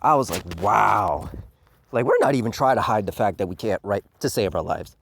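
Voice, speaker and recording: A man's voice: lowish voice, animated, fast, no echo. A man giving a profane, ranting review commentary full of fillers and laughs.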